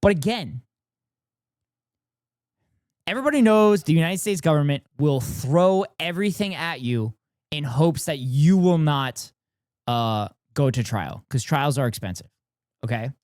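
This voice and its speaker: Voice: mid-range voice, lively intonation, a little slow, pauses often, darkish tone, dry recording, clean studio sound. A streamer reacting to a debate video with exasperated, profane, incredulous commentary.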